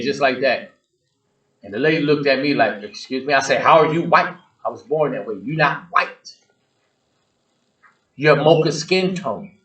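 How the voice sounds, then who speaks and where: A show host with a slightly high male voice holds the floor alone. He talks bluntly and emphatically, circling back to repeat his points. He addresses his listeners directly in a preachy rant. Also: a bit bright, rough recording. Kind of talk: ranting monologue to the audience.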